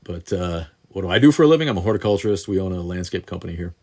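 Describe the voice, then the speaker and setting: This is a man in his sixties hosting a casual live Q&A stream. His voice sits low and deep. He rambles through viewer questions with frequent restarts and blunt swearing. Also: animated, racing, a little mellow. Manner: rambling and profane, many restarts and fillers. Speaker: host answering viewer questions. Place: home studio in southeast Wisconsin.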